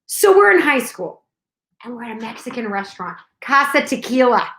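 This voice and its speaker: A young woman telling a personal story in an animated way, acting out the scenes with sudden drops and bursts of volume. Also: fairly high pitch, normal speed, a little hiss or hum. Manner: dramatic, acts out scenes with shifts in volume. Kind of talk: animated anecdote. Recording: echoey room.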